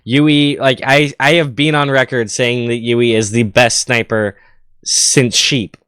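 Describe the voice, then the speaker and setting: A man casting a live esports match, slightly hoarse, excitable and tripping over his words on a headset mic. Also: medium pitch, takes it slowly, dry recording. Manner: excitable, stammering restarts. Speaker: esports caster.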